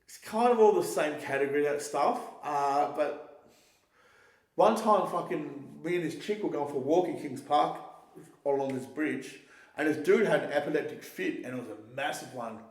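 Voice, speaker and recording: A man's voice: fairly high pitch, moderate pace, reverberant. A young man in a casual street interview, telling stories in a rambling way, swearing freely and often restarting his sentences.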